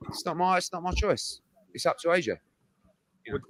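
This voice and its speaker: A man's voice: high-pitched, expressive, a little fast, fairly bright tone, slight background noise. A man with a British accent, a boxing promoter answering an interview question bluntly. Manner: blunt, recounts a confrontation.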